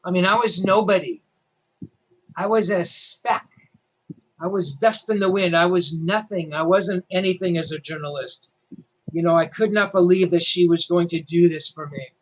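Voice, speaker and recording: A man's voice: high-pitched, steady tone, moderate pace, low-quality recording. An older male rock journalist telling a story animatedly, with self-deprecating humor. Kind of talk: storytelling interview.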